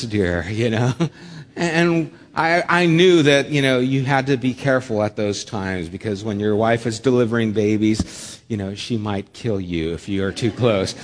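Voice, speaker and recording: A man preaching a sermon, telling a lively personal story with humor, then dropping soft and low for solemn points. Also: in a large hall. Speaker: pastor.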